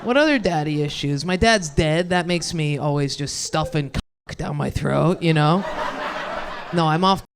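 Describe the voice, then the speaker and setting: A woman's voice: low-pitched, measured pace, noisy background. A young woman doing improvised stand-up on a club stage, rambling, crude and self-deprecating, laughing at her own jokes. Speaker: stand-up comedian. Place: comedy club stage with live audience.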